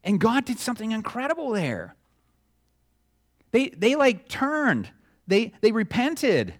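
Middle-aged male pastor, relaxed conversational sermon delivery with playful acted-out exchanges. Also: high voice, slow. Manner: conversational, chuckling asides, acts out dialogue.

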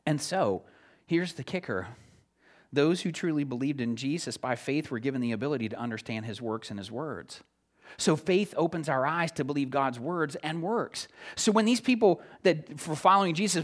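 A male pastor preaching a sermon, retelling scripture with lively swings from loud excitement to hushed, near-whispered appeals. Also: high-pitched, fairly quick.

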